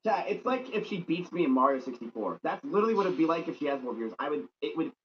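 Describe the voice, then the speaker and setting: A man's voice: a little high, very animated, quick pace, fairly bright tone, slight background noise. Teasing streamer guy, lo-fi stream audio. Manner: blunt, teasing. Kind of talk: casual chat.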